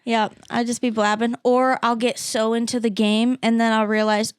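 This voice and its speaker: A bubbly woman co-hosts a podcast in casual chat, with a smooth, clear, fairly high voice. She fills her sentences with "like". The recording is dry and close. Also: fairly even intonation, normal speed, few pauses, dry recording. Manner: bubbly, lots of 'like' fillers. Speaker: podcast co-host.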